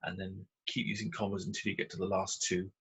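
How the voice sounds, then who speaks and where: A man with a British accent teaching punctuation in a recorded slide lesson, explaining patiently with frequent pauses and fillers. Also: low-pitched, flat delivery, breathy edge, poor audio. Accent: British English.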